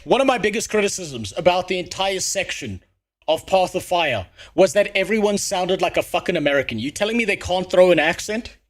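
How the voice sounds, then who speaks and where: Guy streaming and ranting, swears a lot, kinda higher voice. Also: expressive, fairly quick. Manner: blunt, profane, ranting. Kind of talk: casual livestream commentary.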